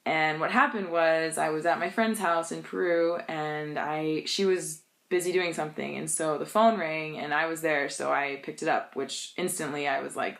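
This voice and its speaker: Young woman, English speaker, casual vlog storytelling, chatty, laughs often, lowish voice. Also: fairly even intonation, moderate pace, vocal fry, few pauses, fairly bright tone. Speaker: vlogger.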